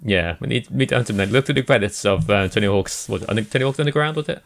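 A man's voice: fairly low pitch, expressive, rapid-fire, vocal fry, a bit bright. A man with an English accent co-hosting a podcast in casual chat, joking, laughing often and repeating himself. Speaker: podcast co-host.

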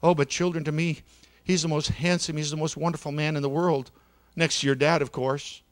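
Man playing a tearful older mother, tender, soft, speaking to children. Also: a little high, flat delivery, brisk, no echo, natural voice.

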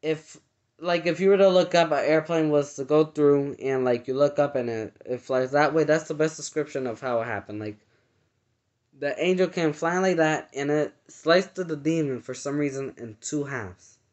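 A man earnestly recounting a dream in casual, halting speech full of fillers and restarts. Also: fairly high pitch, a little mellow. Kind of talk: casual personal storytelling. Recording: dull lo-fi sound.

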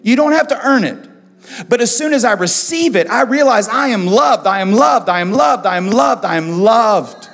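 A male pastor preaching a sermon with passion, repeating phrases, swinging from hushed tones to loud. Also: extremely high pitch, lively intonation, normal speed. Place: church hall. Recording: church hall with long reverb, soft music.

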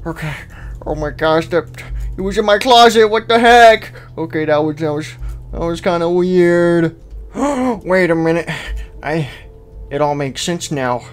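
A man's voice: on the high side, measured pace, clean tone, faint music behind. A man playing a game roleplay in character, muttering to himself and breaking into panicky outbursts. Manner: jumpy, panicky outbursts between nervous mumbling. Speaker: roleplay video host.

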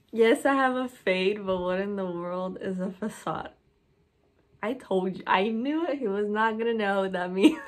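A woman's voice: medium pitch, measured pace. A young woman casually chatting to viewers while pranking her boyfriend, laughing often and making playful asides. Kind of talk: casual prank vlog chat.

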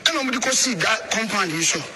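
A man's voice: high voice, expressive, brisk. A man with a Ghanaian accent, a pastor, animatedly recounting an event and acting out the scenes. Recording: noisy recording.

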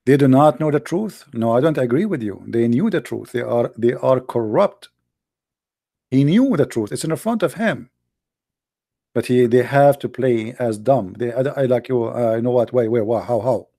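A man's voice: medium pitch, animated, normal speed, vocal fry, mellow, no echo, studio quality. An English speaker who hosts a debate show and argues combatively and sarcastically in broken English, restarting his phrases often. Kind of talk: heated religious debate.

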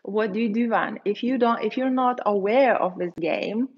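A woman's voice: normal speed, slightly rough. A woman giving dating advice as a coach, talking straight to her viewers and acting out quoted lines. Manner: animated, acts out quoted lines in a higher voice. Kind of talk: advice monologue to camera. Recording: slightly dull, lo-fi audio.

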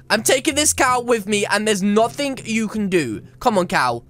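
High-voiced woman yelping through gameplay. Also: very animated, normal speed, hardly any pauses, fairly bright tone. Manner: dramatic, scolds other players, yelps and shrieks. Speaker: gameplay video creator. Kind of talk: excitable gameplay commentary.

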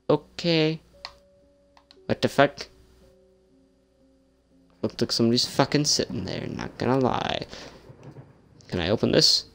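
A man's voice: mid-range voice, expressive, measured pace, gravelly, pauses often, fairly bright tone. A young man casually commenting on a horror game he is playing, sarcastic and jumpy, swearing often. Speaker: gameplay streamer.

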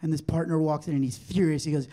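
A man in his forties with a fairly high voice talks fast on a comedy club stage before a live audience. His stand-up set is animated storytelling, with him acting out the quoted exchanges.

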